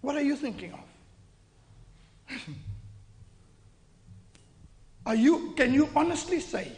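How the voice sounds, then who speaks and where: High-pitched, gravelly man preaching a sermon. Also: big pitch swings, takes it slowly, pauses often, darkish tone. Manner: repetitive stammering restarts, questioning the congregation. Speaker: pastor. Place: church hall. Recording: echoey hall.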